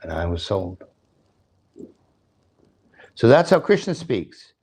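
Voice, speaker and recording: In a slow, sing-song voice on the low side, a little mellow, an older temple speaker gives a sermon over slight background noise. He explains scripture, chants verses, asks the audience questions, and slips in the occasional joke and chuckle.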